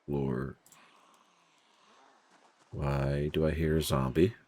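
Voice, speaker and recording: A man's voice: extremely low pitch, expressive, unhurried, creaky, breathy edge. A man streaming a game live, muttering through his looting and reacting to chat in casual commentary.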